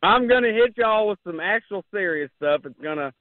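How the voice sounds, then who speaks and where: A man's voice: sits high, moderate pace, no room sound. Man, out of breath, rambling caller, dry tinny phone line. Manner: rambling, excited fan talk. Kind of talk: casual call-in chat.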